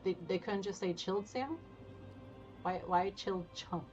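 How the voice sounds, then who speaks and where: A woman streaming a game live, chatty and excitable, her voice jumping high when she is delighted. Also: moderate pace. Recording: slightly dull audio with game music.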